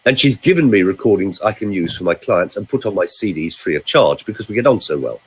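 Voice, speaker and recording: An older man with a husky, breathy tone tells chatty anecdotes as a vocal coach. His pitch swings widely and animatedly, and he often leans into a theatrical delivery. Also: expressive, fast, low-quality recording. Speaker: vocal coach and voiceover actor. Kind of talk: casual chat.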